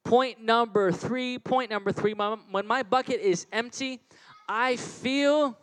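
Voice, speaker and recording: A man preaching a children's sermon, animated and repetitive, calling out questions for kids to answer. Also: very high-pitched, takes it slowly, smooth, rough recording. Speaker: children's pastor.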